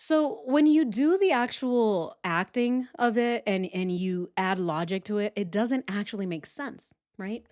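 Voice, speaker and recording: A woman with a medium-pitched voice runs a true crime channel and discusses a case in loose livestream commentary. She comes across as animated and gabby, laughing quickly and cursing casually.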